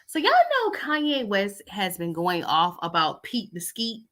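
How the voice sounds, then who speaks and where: A woman's voice: mid-range voice, huge pitch swings, measured pace, fairly bright tone. A woman chatting casually as host, reading out text messages with loose asides.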